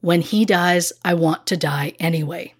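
A woman's voice: fairly low pitch, unhurried, husky. A woman co-hosting a casual true crime podcast, telling the story in a chatty, self-deprecating way. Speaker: podcast co-host.

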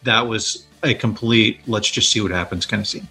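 Husky-voiced man telling film stories. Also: fairly low pitch, normal speed, faint music behind. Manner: animated storytelling, acting out quotes. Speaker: podcast co-host. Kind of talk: casual chat about films.

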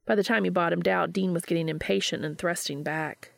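Female narrator, steady reading, low with gravelly fry. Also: brisk, dry recording. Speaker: audiobook reader. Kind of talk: narrating an erotic story.

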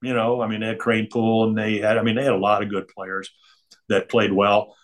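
A man's voice: fairly low pitch, flat delivery, brisk. An older man, a guest on an interview, telling chatty, digressive stories and chuckling between them. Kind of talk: rambling anecdotal storytelling.

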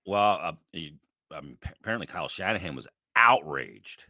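A man's voice: low-pitched, animated, normal speed, pushed and bright, dry recording, studio quality. A man co-hosting a casual sports podcast, blunt and jokey, swearing casually. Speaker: podcast co-host. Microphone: podcast microphone with headphones.

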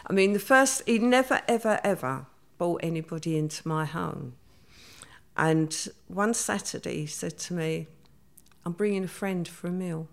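Older woman, low gravelly voice, chatty, does the voices of people in her stories. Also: moderate pace. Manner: chatty, acts out quoted voices. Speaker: guest. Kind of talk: storytelling interview.

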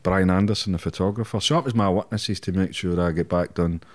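A middle-aged Scottish man with a very deep voice tells his anecdotes bluntly, swearing freely and chuckling as he goes. The sound is dry and close, with no room around him. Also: fairly even intonation, fast talker, no room sound. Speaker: interview guest. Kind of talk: casual storytelling.

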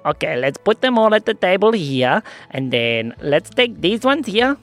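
Man voicing a mischievous Christmas trickster, high, excitable, storybook. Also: moderate pace, faint music behind. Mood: scheming. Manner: cheeky, excitable, playful.

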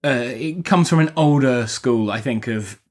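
A man's voice: mid-range voice, unhurried. A man co-hosting a podcast in casual chat, rambling and joking, restarting his sentences as he thinks aloud. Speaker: podcast co-host.

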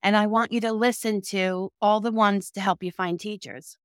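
A woman's voice: medium pitch, steady tone, moderate pace, smooth, dry recording, clean studio sound. A woman coaching child care directors in a direct, encouraging and emphatic way. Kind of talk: motivational talk to camera.

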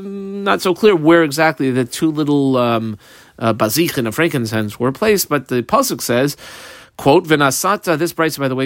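A man works through a Talmud page line by line. He reads each phrase of the original text and then explains it in plain conversational English, pausing often on fillers. His voice sits at a middle pitch, and the recording is dry and close. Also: dry recording. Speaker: Talmud teacher.

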